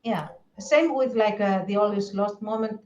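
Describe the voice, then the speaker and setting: A woman with a noticeable accent talks through an idea on a podcast, pausing and restarting as she works it out. Her pitch sits in an ordinary middle range. The audio is slightly dull and lo-fi. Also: darkish tone, echoey room. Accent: non-native English accent. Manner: thoughtful, hesitant restarts. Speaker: podcast co-host. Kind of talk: casual chat.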